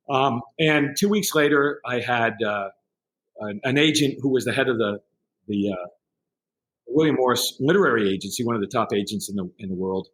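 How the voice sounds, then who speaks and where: Man, middle-aged, storytelling guest, casual chat, quotes others animatedly, average pitch. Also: moderate pace. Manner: animated anecdote-telling with quoted voices. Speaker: podcast guest.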